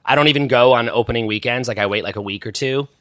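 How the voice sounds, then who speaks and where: A man in his thirties talks casually as a guest, circling through his stories with plenty of fillers and false starts. His voice sits at a middling pitch and is recorded close and dry, with no room sound at all. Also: fast talker, fairly bright tone, no echo. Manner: rambling storyteller, many fillers and restarts. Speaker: podcast guest, musician. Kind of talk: casual chat.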